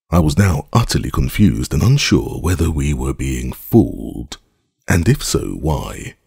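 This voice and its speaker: Very deep, gravelly male narrator. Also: big pitch swings, warm tone, dry recording, studio quality. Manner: measured, formal storytelling. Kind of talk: scripted audiobook narration.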